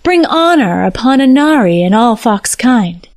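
A woman doing a soft, regal fox spirit. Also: fairly high pitch, very animated, a little slow, dry recording, studio quality. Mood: encouraging. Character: gracious nine-tailed fox spirit, female.

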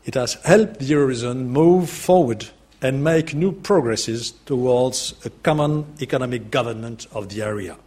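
An older Frenchman with a French accent delivers a formal political speech, measured and deliberate, with the odd hesitant filler. His voice is mid-range and darkish, with a breathy edge.

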